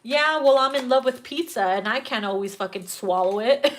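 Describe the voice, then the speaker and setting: A woman's voice: fairly high pitch, normal speed, very noisy. A woman giving a casual tarot reading, swearing freely and laughing often. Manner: profane, laughing, animated. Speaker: tarot reader.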